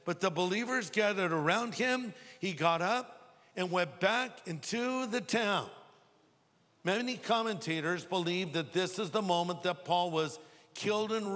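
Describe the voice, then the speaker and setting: Bright high-voiced preacher in a hall. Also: male voice. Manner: humorous, animated storytelling. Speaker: pastor. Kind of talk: sermon. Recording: long hall reverb.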